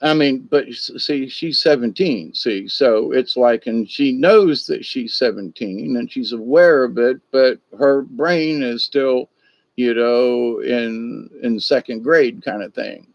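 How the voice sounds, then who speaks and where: A man's voice: medium pitch, takes it slowly, vocal fry, dry recording. An older man hosting a livestream, telling a story in a folksy, meandering way with many asides. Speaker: livestream host. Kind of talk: rambling storytelling chat. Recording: dull dry lo-fi sound.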